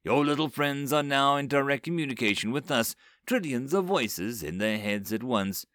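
A man voicing an ancient, pleasant cosmic being that speaks calmly and precisely. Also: medium pitch, normal speed, dry recording, studio quality, lightly acted.

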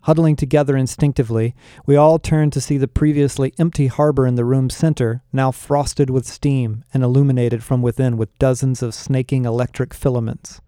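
A man narrating a first-person audiobook with an even storytelling delivery. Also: mid-range voice, normal speed, few pauses, clean tone, no room sound, studio quality.

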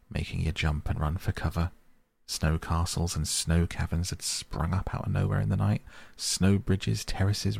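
A man voicing a cheerful, bold adult male otter telling his tale in a hearty, lively way. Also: deep voice, creaky, breathy edge, exaggerated voice.

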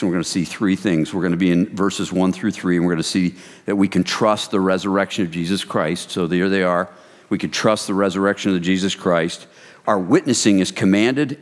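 An American man telling his testimony as a preacher, animated and addressing the room as "you guys". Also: deep voice. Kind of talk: sermon testimony. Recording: long reverb hall.

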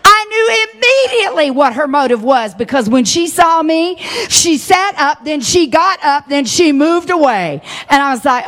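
A middle-aged woman preaching a sermon, switching between folksy asides and fiery shouting. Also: high-pitched, big pitch swings, normal speed, few pauses. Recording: long hall reverb.

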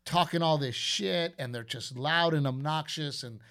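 A man's voice: a little high, normal speed, a bit bright. A middle-aged man hosting a casual chat, telling stories animatedly, acting out quotes and swearing freely. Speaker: host.

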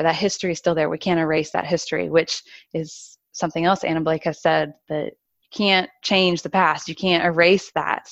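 A woman's voice: low-pitched, gravelly, no room sound, dull audio. A woman who trains horses, talking in a friendly, rambling way with frequent laughs in casual conversation.

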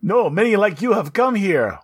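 A grim, somewhat high villager of a haunted land, speaking in a low, ominous warning to strangers, as a man improvises him at the game table. He sounds like a weary local from a tabletop fantasy game. The voice stays close to an everyday speaking voice. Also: big pitch swings, moderate pace, husky, exaggerated voice.

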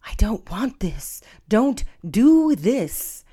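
A young woman held captive pleads and pushes back in a raised, strained voice, as a woman narrator puts her on. Her lines sit higher and louder than the surrounding narration. She sounds frightened and defiant at once. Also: big pitch swings, drawn-out words, husky, exaggerated voice. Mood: pleading.

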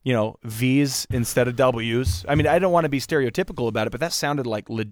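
A man hosting a podcast, playful and quick to laugh. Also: mid-range voice, dry recording, clean studio sound. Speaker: podcast host. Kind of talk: casual podcast chat.

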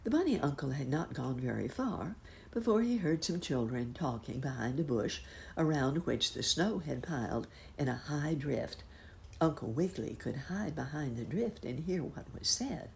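A woman narrating a children's storybook in an expressive, lively reading. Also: sits low, moderate pace, vocal fry, slight background noise.

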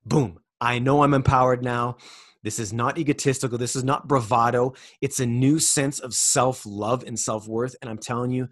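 A man speaks in a mid-range, steady voice at moderate speed, giving a rambling spiritual self-help monologue as a vlogger. He swears for emphasis and keeps throwing rhetorical questions at the listener.

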